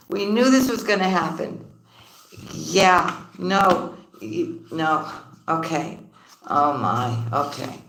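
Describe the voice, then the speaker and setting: A woman's voice: on the low side, lively intonation, extremely slow, creaky, long pauses, noisy background. A woman giving a casual tarot reading, laughing often and repeating her phrases. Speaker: tarot card reader. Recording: roomy echoey room.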